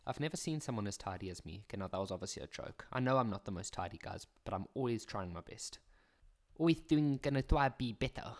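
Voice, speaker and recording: A man's voice: fairly low pitch, lively intonation, fast talker, few pauses. A man with a South African accent teaching a maths lesson on video, chatty and fond of self-deprecating jokes.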